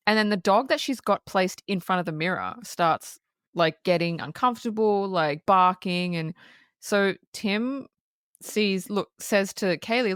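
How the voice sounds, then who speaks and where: A woman's voice: mid-range voice, measured pace, dry recording, clean studio sound. A woman co-hosting a podcast, recapping a horror film in a casual, swearing, filler-heavy way. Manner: animated, swears, heavy use of "like". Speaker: podcast co-host.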